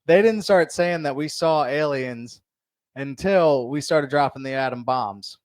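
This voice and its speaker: Young man, stand-up comedian, crude rambling delivery, smooth voice, dry close sound. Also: on the high side, measured pace, no echo. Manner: loose, rambling delivery with crude jokes and fillers. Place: comedy show in a bar.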